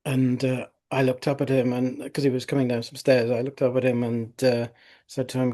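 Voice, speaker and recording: A middle-aged male osteopath recounting patient cases in a relaxed podcast conversation, full of fillers like "you know". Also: mid-range voice, normal speed. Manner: conversational storytelling with frequent fillers.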